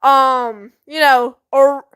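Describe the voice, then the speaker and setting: A woman's voice: sits high, steady tone, very slow, fairly bright tone, clear, resonant tone, dry recording. A teenage girl vlogging from her bedroom, rambling about her school day with lots of fillers and giggles. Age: teens. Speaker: student vlogger. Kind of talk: casual chat. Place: bedroom at home.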